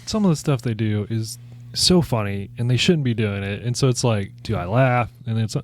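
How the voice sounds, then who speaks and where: A man co-hosting a casual podcast, chuckling often and quick to chime in with agreement. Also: on the low side. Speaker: podcast co-host.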